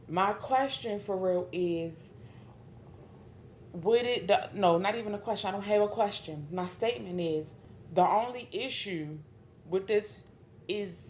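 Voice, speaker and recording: A woman's voice: medium pitch, a little mellow, slight background noise. A woman, hosting a livestream and ranting bluntly, full of profanity and restarts. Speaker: livestream host. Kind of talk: casual livestream rant.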